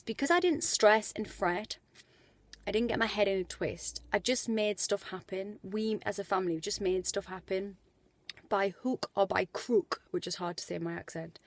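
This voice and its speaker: A woman's voice: medium pitch, no echo. A woman, chatting in a casual motivational vlog with lots of fillers. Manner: chatty and animated, with many fillers. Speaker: vlogger. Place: indoors as light fades.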